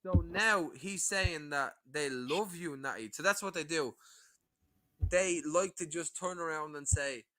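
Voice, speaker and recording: A man's voice: fairly high pitch, unhurried, fairly bright tone. A man talking in a casual livestream chat as a panel guest, combative, sweary and mocking.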